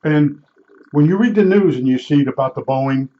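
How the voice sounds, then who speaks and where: The highs are clipped on this fairly high-pitched male voice, which moves at a normal speed. He's an older vlogger from Newark, New Jersey, telling rambling, blunt tales from his meter-calibrating career with plenty of restarts and salty asides.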